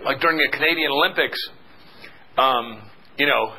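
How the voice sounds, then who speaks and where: A middle-aged man giving an energetic motivational seminar talk, calling out questions for the audience to answer. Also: on the high side, normal speed, low-quality recording. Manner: energetic, call-and-response with the audience. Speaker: seminar speaker.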